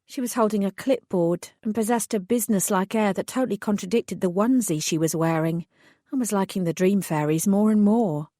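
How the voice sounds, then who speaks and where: A woman narrating a first-person fantasy audiobook in a wry, expressive storytelling manner on a close mic. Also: mid-range voice, brisk, no echo. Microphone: close studio mic.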